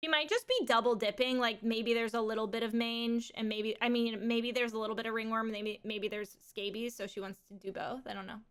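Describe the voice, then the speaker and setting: A woman's voice: on the high side, steady tone, a little fast, hardly any pauses, a bit bright. A woman live streaming from home, talking in a rambling, casual way and swearing and laughing often.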